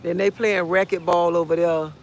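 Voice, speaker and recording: A woman, chatting on a phone live stream outdoors in a park. She talks in an outspoken, animated way and answers viewer comments as she goes. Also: lowish voice, normal speed. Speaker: livestreamer. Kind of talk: casual live-stream chat.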